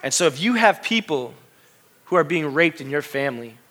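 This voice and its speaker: A male pastor delivers a lively sermon in a bright, slightly high voice. He speaks conversationally, acts out quotes with feeling and asks his listeners questions. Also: normal speed. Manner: lively preaching, voicing God and scripture, asides to the congregation.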